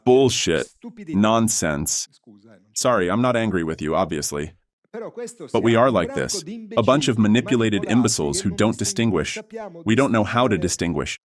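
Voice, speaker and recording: A man's voice: on the low side, lively intonation, normal speed, a crowd in the background. A man with an Italian accent giving an impassioned, indignant lecture at a conference, ranting and swearing at times. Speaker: conference speaker. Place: theatre with audience.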